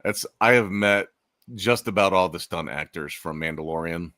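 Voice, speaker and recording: A man hosting a casual livestream chat, with a very low voice and a bright, forceful edge. He talks in a relaxed, chatty way, trailing off into fillers. The sound is dry and close. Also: moderate pace, no echo. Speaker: podcast host.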